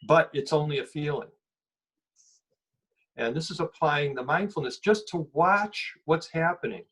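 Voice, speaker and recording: A husky-voiced man teaches a mindfulness group how to sit with anxiety. He speaks gently and haltingly, restarting phrases as he searches for words. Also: mid-range voice, poor audio. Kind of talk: guided meditation teaching.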